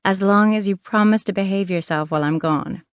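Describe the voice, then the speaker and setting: A woman voicing a dry, sharp-tongued female private investigator. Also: mid-range voice, brisk, no room sound, highs cut off, natural voice. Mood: wry.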